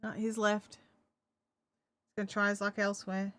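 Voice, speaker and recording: A woman's voice: medium pitch, completely flat delivery, moderate pace, a bit bright. An Australian woman chatting to herself and her dog while knitting in a casual crafting vlog. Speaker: crafting vlogger.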